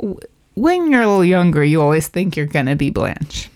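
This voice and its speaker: A woman's voice: lowish voice, sing-song, a little fast, a little mellow. A woman in casual chat who laughs often and pokes fun at herself. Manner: laughs often, self-mocking.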